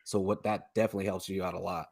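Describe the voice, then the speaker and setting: A man's voice: sits low, level tone, very fast, vocal fry, a little mellow. A man hosting a podcast in an easygoing, affirming way. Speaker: podcast host. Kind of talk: casual podcast conversation.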